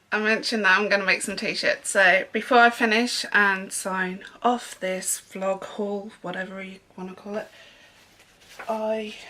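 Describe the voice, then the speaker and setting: A woman's voice: mid-range voice, bright, forceful tone, a little hiss or hum. A young woman chatting casually in a sewing haul vlog, rambling along with frequent ums. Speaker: sewing vlogger.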